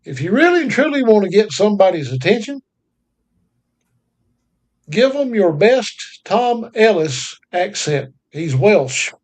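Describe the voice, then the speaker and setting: Man, high-pitched voice, folksy drawl, country sayings, chatty podcast co-host. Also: sing-song, measured pace, a little mellow. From North Carolina. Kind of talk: casual chat.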